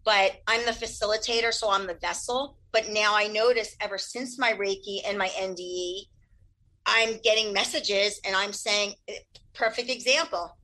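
Woman, bright forceful voice, fast and animated, Reiki practitioner, frank interview talk. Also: mid-range voice, rough recording. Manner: fast, animated, laughs often. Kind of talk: candid interview answers.

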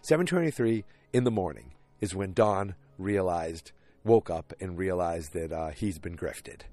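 This is a man with a somewhat low voice talking casually through a show's plot. He wanders from point to point, filling the gaps with ums and likes and doubling back on his own sentences. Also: animated, measured pace, darkish tone, no echo. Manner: rambling, many fillers and restarts. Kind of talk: casual episode recap.

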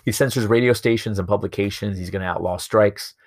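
A man teaching history over slides in a relaxed, storytelling way, with many fillers and asides. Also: on the low side, fairly quick, no echo. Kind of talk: recorded lecture over slides.

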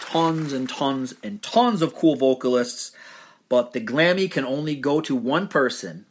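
A man's voice: medium pitch, expressive, a little slow, some chatter behind, slight background noise. A man with an American accent hosting a podcast award show, announcing winners in a playful, upbeat way. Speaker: podcast host.

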